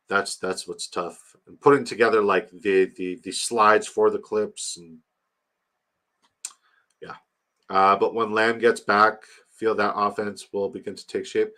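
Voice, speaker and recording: A man hosting a casual fantasy football livestream, animated and swearing freely as he reads viewer comments aloud. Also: on the low side. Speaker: livestream host reading chat.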